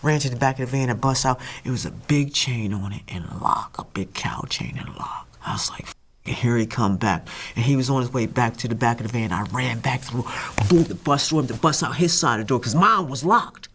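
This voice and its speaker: A woman telling a dramatic true story, acting it out with loud sound effects and checking in with "that makes sense?". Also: extremely low pitch, brisk, few pauses, a little hiss or hum. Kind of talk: animated story time.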